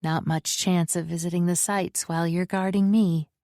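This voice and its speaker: A woman voicing a perceptive young woman held captive, who asks probing, gently teasing questions in a dry, close recording. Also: lowish voice, fairly even intonation, normal speed, no echo, natural voice. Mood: curious, teasing.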